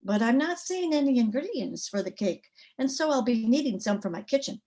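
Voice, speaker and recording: A woman's voice: fairly high pitch, animated, a little fast, warm tone, close to an everyday voice. A woman voicing a clever, determined housewife in a folk tale, speaking with lilting, folksy phrasing. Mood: brisk.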